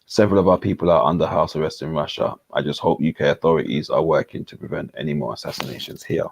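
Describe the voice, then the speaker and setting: A man's voice: a bass voice, fast talker, creaky, breathy edge, no room sound. A man reading a news article aloud on a panel chat, stumbling over names and making jokey asides. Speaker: panel host.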